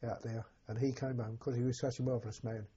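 An elderly man recalling his war years, halting and repeating words as emotion rises. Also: mid-range voice, level tone, dark tone, breathy edge. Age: older. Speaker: war veteran interviewee. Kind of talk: personal recollection. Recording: dull lo-fi recording.

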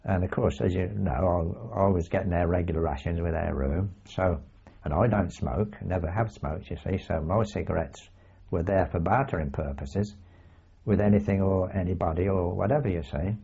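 An older man recalling his wartime days in a rambling oral history, full of asides and halting restarts. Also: sits low, gravelly, warm tone, breathy edge. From England. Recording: dull lo-fi recording.

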